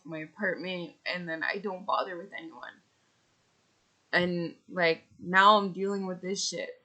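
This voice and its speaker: Furious swearing woman venting, bright voice. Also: lowish voice. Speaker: vlogger. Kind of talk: angry personal rant to camera.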